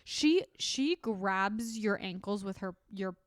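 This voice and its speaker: Smooth-voiced woman chatting casually. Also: medium pitch, expressive, slow pace, no echo, studio quality. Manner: chatty, teasing, trailing off. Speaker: podcast co-host. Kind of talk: casual chat.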